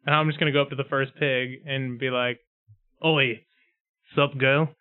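A man's voice: mid-range voice, little pitch movement, fast talker, clear, resonant tone. A man playing a tabletop game, joking crudely and laughing with friends. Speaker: player. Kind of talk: casual tabletop play. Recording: phone-like online call audio.

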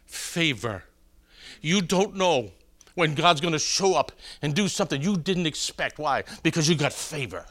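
A middle-aged man preaches in a high, bright, forceful voice. He spins folksy stories and keeps calling out to the congregation to follow along. His delivery rises and punches as he drives each point home. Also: animated, measured pace. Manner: folksy storytelling, calls out to congregation. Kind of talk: sermon with joke stories.

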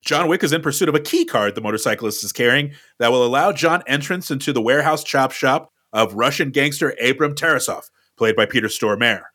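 A young man co-hosting a podcast, recapping a film in a wry, animated way. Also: mid-range voice, fairly quick, hardly any pauses. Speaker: podcast co-host. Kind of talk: casual chat, recapping a film.

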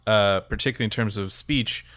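A man's voice: lowish voice, a little fast, a bit bright, no room sound, studio quality. A man in a casual podcast chat who explains his view at length and slips into imitating characters when he quotes them. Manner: talkative, mimics character voices when quoting. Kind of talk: casual podcast film discussion.

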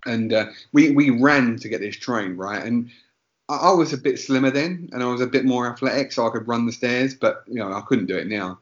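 Bloke rambling thru a funny story, swears a lot, keeps cutting himself off, mid pitch, bit muffled lo-fi sound. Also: male voice, fairly quick. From England, Essex. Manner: rambling, sweary, self-interrupting. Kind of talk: casual comedic storytelling.

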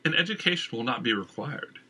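A man's voice: mid-range voice, animated, brisk, pushed and bright, breathy edge, heavily acted. A man reading an audiobook, voicing an earnest young man adventurer who talks bluntly.

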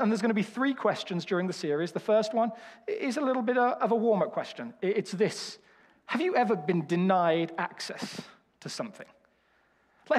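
High-voiced Birmingham preacher, joking and self-mocking. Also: male voice. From Birmingham, England. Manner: humorous, self-deprecating storytelling. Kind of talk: sermon. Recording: reverberant hall.

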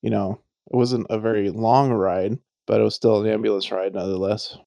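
Male co-host, gravelly low-key storyteller, swears and mimics people in his anecdotes. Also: steady tone, brisk, dark tone, no room sound, highs cut off. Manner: swearing, laughing, acts out quoted voices. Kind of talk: casual storytelling chat.

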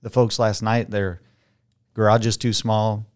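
A man with a fairly low voice talks openly about the ups and downs of selling houses. His delivery is candid and animated, with quoted thoughts acted out as he goes. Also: a little slow, clear, resonant tone. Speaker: real estate agent guest. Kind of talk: casual interview chat.

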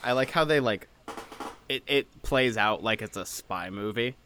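A man's voice: on the low side, measured pace, sharp tone. A man chatting casually on a podcast, rambling with lots of filler words as he critiques a show. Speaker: podcast co-host.

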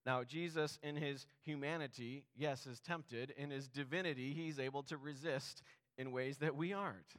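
Earnest, slightly high-voiced male preacher. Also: a bit bright. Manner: earnest, conversational preaching with rhetorical questions. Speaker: pastor. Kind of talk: sermon.

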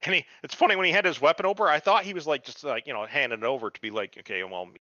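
Racing through a retelling of a TV show, this man co-hosting a podcast swears a lot and slips into quoted voices in casual chat. His pitch is fairly high and his delivery pushed and bright, on a muffled recording without echo.

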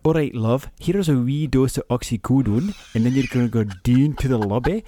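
A man's voice: mid-range voice, lively intonation, normal speed, mellow, a little hiss or hum, pitched above the performer's own voice, close to an everyday voice. A man putting on a Scottish accent to play a clinician, breezily reassuring a patient in a folksy way. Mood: breezy.

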